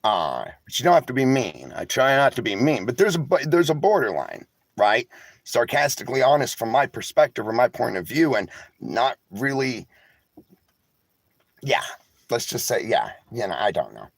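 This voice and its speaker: This vlogger's voice is medium-pitched, very animated and moderately paced, with vocal fry on a dry recording. Tired and emotional, he talks casually from inside a vehicle, rambling candidly, sarcastic and freely swearing while reading the live chat to his viewers.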